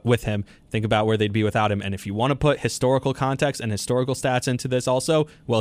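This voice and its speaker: A man's voice: lowish voice, no room sound. Opinionated man on a dry mic. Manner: opinionated, talks in long run-on thoughts with fillers. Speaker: podcast host. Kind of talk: solo sports podcast commentary.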